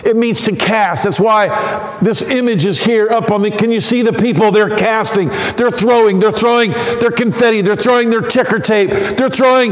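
A man with a high voice preaches an animated sermon and keeps building toward shouted exclamations. His words ring out with a long reverb, as if he is in a large, echoing church sanctuary. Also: measured pace. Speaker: pastor. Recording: echoey hall.

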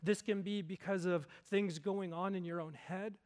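A man with a notably high voice delivers a sermon from the pulpit. He preaches earnestly, building to loud, emphatic peaks and then sinking low and slow for the weighty lines. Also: steady tone. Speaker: pastor.

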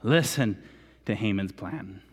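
Animated man preaching in a reverberant hall. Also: lowish voice, slow, slightly rough. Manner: animated, acts out characters, coaxes volunteers. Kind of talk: dramatic sermon storytelling.

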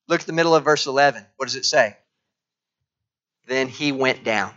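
A middle-aged man preaching a sermon, dropping to quiet tones and rising again as he acts out voices from the text. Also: on the high side, animated, normal speed. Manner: dramatic shifts from quiet to loud, acting out quoted voices. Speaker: pastor. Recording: dull lo-fi sound.

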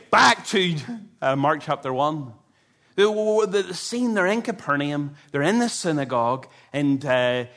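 A man's voice: on the high side, a bit bright. A man pastor preaching a sermon in an earnest, emphatic way, with frequent restarts.

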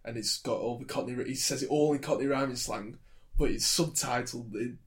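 A man's voice: mid-range voice, brisk. Laughing man in a film chat. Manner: laughs often, animated storyteller. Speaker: podcast co-host. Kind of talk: casual chat.

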